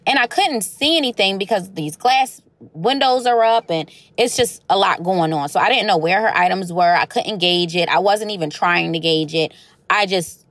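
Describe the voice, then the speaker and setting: A woman's voice: fairly low pitch, dry recording. Chatty woman telling a story. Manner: chatty, animated retelling with quoted voices. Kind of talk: casual storytelling vlog.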